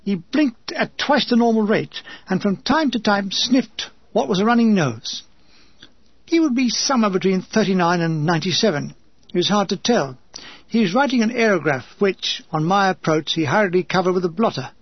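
Man, comic memoir narration, dry wit, husky voice, dull lo-fi recording. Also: sits high, lively intonation, normal speed, no echo.

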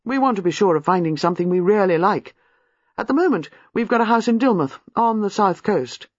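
A man's voice: high-pitched, lively intonation, dry recording, highs cut off, pitched above the performer's own voice. A man doing a cheerful young husband. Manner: cheerful, quick.

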